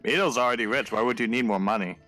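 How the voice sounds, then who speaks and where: A man's voice: mid-range voice, fast talker, pushed and bright, faint music behind. A man playing a tabletop game online, easygoing and chuckling in casual chat. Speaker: player.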